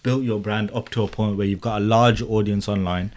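A man hosting a casual podcast, asking questions in a relaxed, slangy way. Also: on the low side, fairly quick. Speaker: podcast host.

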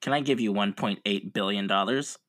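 A relaxed man co-hosting a podcast who muses out loud and laughs easily. His voice sits a little low, and he keeps an easygoing, conversational tone. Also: a little fast. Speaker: podcast co-host. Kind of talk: casual chat.

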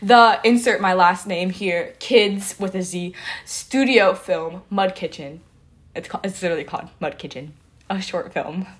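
A hoarse woman hosting a podcast, reading her old stories aloud with giggly, self-mocking asides. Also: medium pitch, unhurried. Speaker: podcast host.

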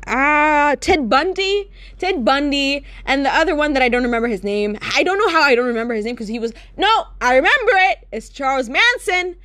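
Young woman vlogger, high voice, sarcastic and profane comedic rant. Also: fairly bright tone.

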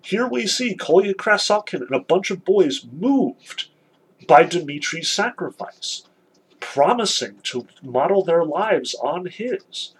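Husky guy giving a lit lecture, casual and chatty, lots of ums. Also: high voice, very animated, slow, low-quality recording. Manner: conversational, frequent "um" and "you know". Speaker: literature lecturer. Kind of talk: recorded literature lecture.

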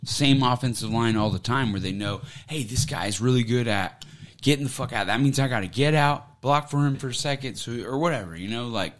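A man's voice: medium pitch, fairly quick. A man co-hosting a podcast, chatting loosely about football, swearing, laughing and mimicking people. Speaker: podcast co-host. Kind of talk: casual sports chat.

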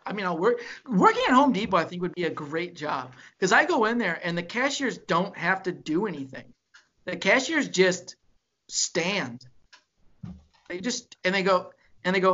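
Man, podcast co-host, animated, profane, slips into quick impressions, sharp tone, dull audio. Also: high-pitched. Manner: animated storyteller, acts out people in quick voices, profane. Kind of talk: casual comedic chat.

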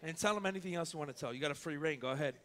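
A man pastor preaching a sermon, who swings from quiet asides to loud preaching and tells stories with quick back-and-forth dialogue. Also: a little high.

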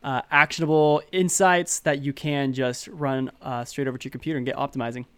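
A man's voice: medium pitch, fairly even intonation, a little fast, fairly bright tone, clean tone, dry recording. A man co-hosting a podcast, chatting casually with lots of filler words. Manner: chatty, hesitant with many fillers. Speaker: podcast co-host.

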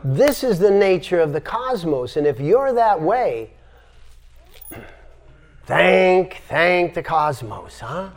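An older yoga teacher speaks slowly in a high voice with big pitch swings and long pauses during a spiritual lecture. He tells stories with emphasis and exhales sighing sounds to demonstrate breathing.

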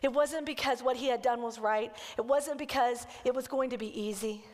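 A woman kids' pastor telling a story in a sermon and then leading the congregation through a slow, earnest breathing prayer. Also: fairly high pitch, a little mellow. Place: church sanctuary. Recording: church hall with long reverb.

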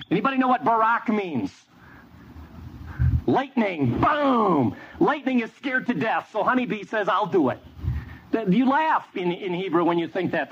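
A man's voice: high-pitched, husky. A man preaching a sermon, telling a story with energy and quizzing the audience. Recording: dull lo-fi with faint noise.

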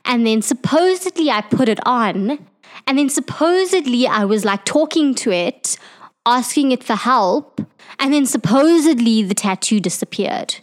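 A woman's voice: on the high side, lively intonation. Brief: woman doing a jittery male half-orc wizard; hedging, nervous. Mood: evasive. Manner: halting, evasive, nervous.

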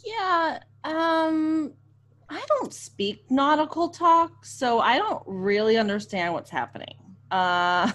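A woman's voice: sits high, expressive, slow pace, a bit bright. A woman co-hosting a casual movie podcast, exasperated and blunt, swearing and laughing. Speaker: podcast co-host. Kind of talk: casual chat.

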